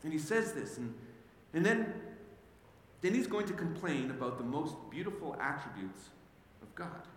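A male pastor delivers a sermon in an animated storytelling manner, often doubling up his words. His voice is on the higher side for a man. It echoes through a large hall with a long reverb tail. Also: normal speed, a little hiss or hum. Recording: echoey hall with faint ambience.

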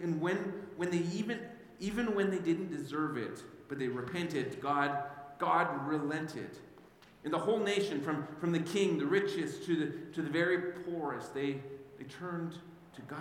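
A man preaching a sermon as a pastor, telling the story in an animated way and often repeating words as he goes. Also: a little high, a little hiss or hum. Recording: echoey hall with faint ambience.

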